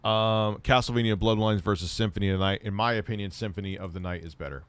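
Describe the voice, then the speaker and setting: A man's voice: fairly low pitch, fast talker, clean tone, no echo. A middle-aged man live streaming, rambling casually and swearing while he reads chat and shops online.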